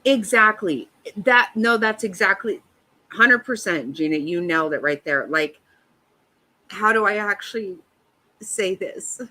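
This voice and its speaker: A woman's voice: mid-range voice, expressive, a little slow, pushed and bright, rough recording. A woman in her fifties hosting a livestream, chatting casually with viewers and giving blunt, profane reactions to a trial. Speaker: livestream host.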